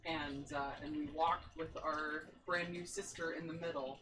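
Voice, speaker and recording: A woman's voice: low-pitched, steady tone, normal speed. A woman talking as a podcast guest, telling a story in casual chat, full of enthusiasm and frequent laughter. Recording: distant mic with noticeable background noise.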